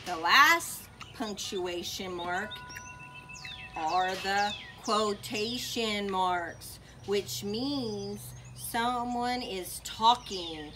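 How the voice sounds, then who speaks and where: A woman teacher giving a reading lesson for children, explaining clearly and acting out how the voice drops and rises. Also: mid-range voice, background noise. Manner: clear, deliberate explaining, demonstrating voice changes.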